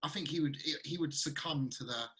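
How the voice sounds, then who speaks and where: British guy on a podcast, high bright voice, jokey and teasing. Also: fairly quick. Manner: playful, teasing, hesitant restarts. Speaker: podcast co-host. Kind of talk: casual banter.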